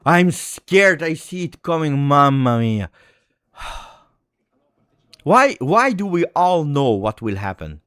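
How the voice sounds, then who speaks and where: Guy doing live match reaction, super animated pitch, dry close sound. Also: slow pace, pauses often, clean tone, no room sound. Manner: excitable, swings from muttering to shouting. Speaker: fan host. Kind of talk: live watch-along reaction commentary.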